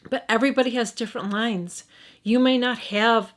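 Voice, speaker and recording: A woman's voice: a little high, steady tone, normal speed. Chatty Midwestern woman reviewing makeup. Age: middle-aged. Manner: thinking aloud, hesitant, frequent restarts and self-corrections. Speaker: beauty vlogger.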